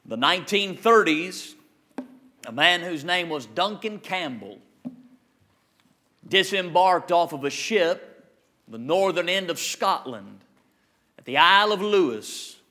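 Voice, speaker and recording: A male pastor preaching an emphatic sermon, slowing down to read scripture. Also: high-pitched, expressive, sharp tone.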